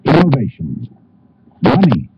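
A man's voice: mid-range voice, huge pitch swings, measured pace. A man presenting a product video who keeps forgetting his lines and swears constantly out of exasperation. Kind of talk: blown takes from a product video shoot. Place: on a hot video set with flies around. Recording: dull lo-fi old video with loud hiss.

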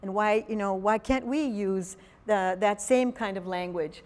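A woman's voice: mid-range voice, a little mellow. Woman presenter in a reverberant hall. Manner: conversational, halting with frequent fillers, quizzes the audience. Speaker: workshop presenter for language teachers. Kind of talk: conference workshop talk. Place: large conference hall.

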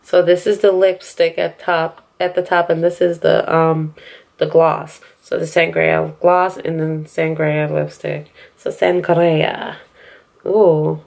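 A young woman vlogging a makeup haul, excitable and gushing, talking straight to her viewers. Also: fairly low pitch, vocal fry. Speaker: beauty vlogger and store employee. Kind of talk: casual haul vlog.

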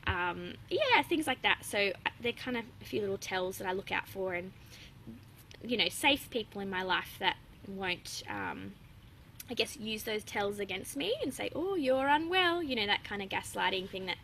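A young woman talks openly and chattily as an interview guest, with plenty of ums and likes. Her voice is bright and forward, and faint noise sits behind it. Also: medium pitch, animated, moderate pace, rough recording. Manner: open, chatty, laughs often, many fillers. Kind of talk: casual interview chat.

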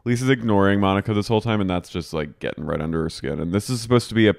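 A man's voice: on the low side, very fast, creaky. A man co-hosting a podcast, casually retelling a reality-show episode and acting out the quotes. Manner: animated storyteller, acts out quoted voices. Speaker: podcast co-host. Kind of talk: casual recap chat.

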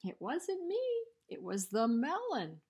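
Woman voicing a male elephant, gullible, amazed, slow lower voice, storybook. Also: wildly swooping pitch, darkish tone, heavily acted.

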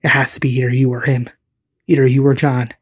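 A man voicing a frightened pregnant woman who pleads urgently and swears in his own husky voice. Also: medium pitch, little pitch movement, fast talker, dry recording, dull audio, lightly acted. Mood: desperate.

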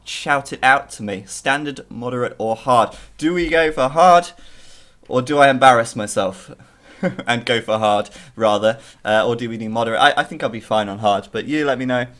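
A man's voice: medium pitch, moderate pace, fairly bright tone. A male game streamer talks to his chat in a jokey, easygoing way. His voice sits in a middle register, and he keeps the banter loose and casual. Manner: jokey, chatty with viewers. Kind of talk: casual live-stream commentary.

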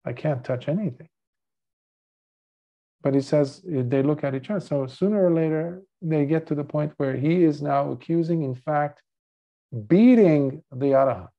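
A male Buddhist monk giving a dharma talk, telling a story in an earnest, measured way. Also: fairly high pitch, vocal fry. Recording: dull lo-fi recording.

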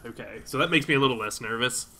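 A man hosting a let's play, talking through the game and shouting and swearing at it. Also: medium pitch, quick pace. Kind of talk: gameplay commentary.

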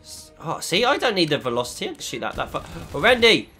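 A man's voice: fairly high pitch, huge pitch swings, fast, sharp tone, faint music behind. Swearing, frustrated gamer man. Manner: frustrated, heavy swearing, exasperated. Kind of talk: gameplay commentary.

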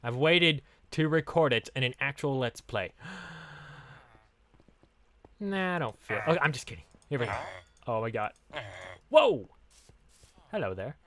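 A man giving excitable, giggly Let's Play commentary while he plays. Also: mid-range voice, normal speed, long pauses. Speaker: gaming channel host.

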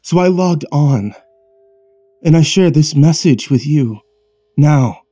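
A man hosting his channel, narrating a first-person horror story with dramatic, tense pauses. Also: on the high side, animated, mellow, faint music behind.

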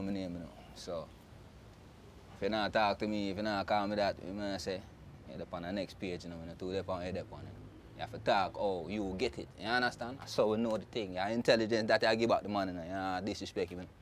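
A young man with a Jamaican accent and a fairly low voice talks loosely in an interview, often repeating "you know what I'm saying." It's casual street talk in patois-tinged English, with a little hiss or hum on the recording.

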